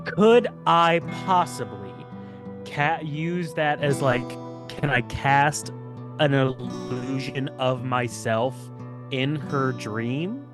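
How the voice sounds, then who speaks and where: A man's voice: mid-range voice, slow, music in the background. A man playing in a tabletop role-playing session, chatty and giggly, thinking aloud about what his character does. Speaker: player. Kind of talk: casual tabletop game talk.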